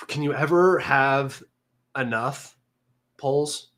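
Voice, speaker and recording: A man hosting a casual livestream with a slightly raised voice. He talks in a mocking, sarcastic, combative way and sounds excitable, almost manic. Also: fairly high pitch, normal speed. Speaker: livestream host.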